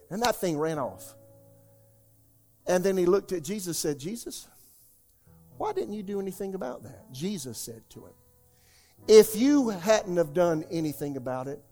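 A male pastor preaching at a church service, telling stories and leading fervent prayer. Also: on the high side. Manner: storytelling preacher, rising to loud fervent prayer. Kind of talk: sermon.

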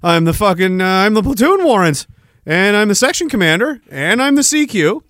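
A man's voice: high-pitched, big pitch swings, normal speed, fairly bright tone, no echo. Man mimicking a frazzled, overworked army sergeant. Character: harried overworked male army sergeant buddy.

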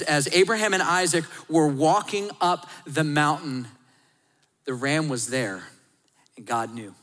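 A man preaching a sermon, shifting between lively storytelling and hushed, intimate emphasis. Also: on the high side. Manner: dynamic, drops to hushed tones for emphasis. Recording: long hall reverb.

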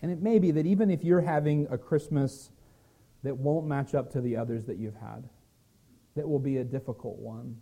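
A man preaching a sermon as pastor, earnest and gentle, sometimes stumbling over a word and restarting. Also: mid-range voice, moderate pace, gravelly, husky.

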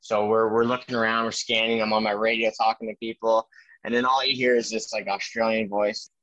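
A man's voice: on the low side, a little fast, dry recording. Man with a dull, dry lo-fi sound. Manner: animated, recounting with many fillers and restarts. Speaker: army veteran guest. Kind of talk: casual storytelling interview.

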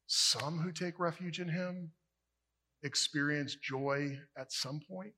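A male pastor preaching a sermon emphatically, building to forceful peaks and dropping to hushed line endings. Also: a little high, slow pace. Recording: long reverb of a large hall.

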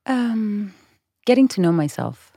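A woman guest in a casual interview, speaking softly and laughing often as she retells moments. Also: medium pitch, a little slow, gravelly, husky, dry recording, clean studio sound. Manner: soft-spoken, laughs often, animated retellings.

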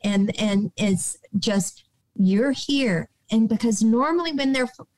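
An older American woman speaks slowly and gently in a podcast chat, her voice pitched a little high. She searches for words with many "you know"s and sometimes drops to a near whisper. The sound is close and dry. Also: no room sound, rough recording. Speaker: guest, nonprofit director. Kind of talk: podcast interview, calm advice.

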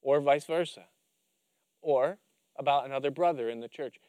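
A man's voice: mid-range voice, moderate pace, clear, resonant tone, dry recording. A male pastor preaching a sermon, telling Bible stories with animation and acting out the scenes. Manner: animated storytelling, acts out scenes.

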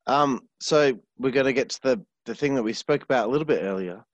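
A man's voice: mid-range voice, fairly quick, no room sound, highs cut off. A man hosting an interview, asking long, hesitant questions with many fillers. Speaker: interviewer, podcast host. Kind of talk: casual interview.

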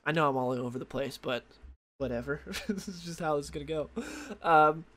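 A man's voice: fairly high pitch, fairly quick, a bit bright. A tired young man rambling casually through a comic book review late at night, losing his train of thought and filling gaps with "like" and "uh.". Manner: rambling, loses track, many fillers.

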